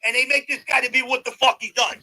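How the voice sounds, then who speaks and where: A man talking loudly and insistently, repeating himself to make his point, in a clip from another stream. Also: very high-pitched, flat delivery, fast, rough recording. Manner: loud, insistent, repeats "listen to me". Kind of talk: heated talk played from another stream.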